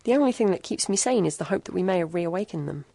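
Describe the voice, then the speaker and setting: A woman voicing a calm, cheerful young woman who speaks softly and gently. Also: on the low side, quick pace, no echo. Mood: gentle.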